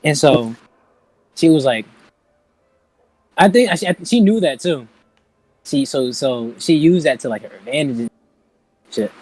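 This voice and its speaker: A young man co-hosting a podcast, telling stories in an animated, laughing way. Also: mid-range voice, measured pace, pauses often, slightly rough, dry recording, rough recording. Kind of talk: casual chat.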